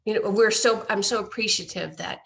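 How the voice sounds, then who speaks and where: A woman's voice: medium pitch, fairly quick, vocal fry, fairly bright tone. Earnest woman telling a story. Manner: earnest, storytelling with quoted voices. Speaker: guest, nonprofit founder. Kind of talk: casual interview storytelling. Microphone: video call.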